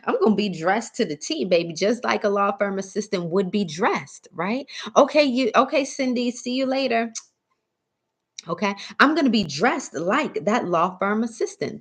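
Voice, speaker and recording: A woman's voice: medium pitch, lively intonation, moderate pace, breathy edge. A woman coaching a mindset lesson on a live stream, often checking in with "right?" and "okay?" and calling listeners "baby.". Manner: coaxing, calls listeners "baby". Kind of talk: motivational teaching talk.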